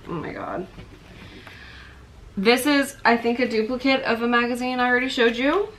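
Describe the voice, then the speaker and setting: A young woman in a casual vlog, chatting excitedly and emotionally about her collection. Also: fairly high pitch, fairly quick, slight background noise. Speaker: vlogger showing a merch collection. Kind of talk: casual chat.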